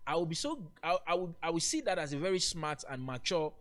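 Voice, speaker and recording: A man's voice: fairly high pitch, lively intonation, fast, a bit bright. Earnest man coaching on mentorship. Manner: earnest, repetitive, stammers and restarts. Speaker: mentorship session facilitator. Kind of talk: live online mentorship talk.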